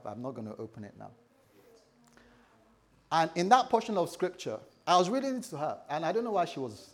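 A man preaching a sermon, joking with a laughing congregation and leading them in prayer. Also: medium pitch. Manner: playful, jokes with the congregation. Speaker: pastor.

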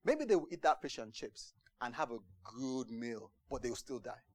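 A man preaching a sermon in a lively, joking storytelling manner. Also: mid-range voice, moderate pace, dry recording.

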